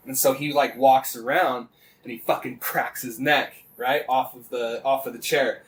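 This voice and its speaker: A man's voice: mid-range voice, steady tone, unhurried, a little hiss or hum. A man co-hosting a casual podcast, animatedly retelling events with lots of swearing and "like" fillers. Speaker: podcast co-host.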